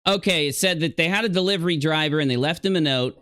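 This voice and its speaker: A man live-streaming reactions to clips, excitable and quick to exclaim and laugh. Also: fairly high pitch, clear, resonant tone, dry recording, faint music behind. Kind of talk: casual reaction commentary.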